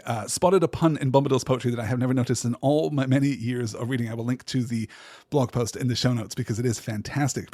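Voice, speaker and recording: A man hosting a literary podcast, explaining poetic meter in a measured, thoughtful way. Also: medium pitch, darkish tone, breathy edge, no room sound. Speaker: podcast host.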